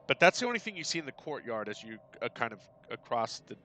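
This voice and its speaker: A man's voice: medium pitch, very animated, quick pace, bright, forceful tone, faint music behind. A man running a tabletop game as game master, describing the scene with many ums and restarts. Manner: hesitant, many fillers and restarts.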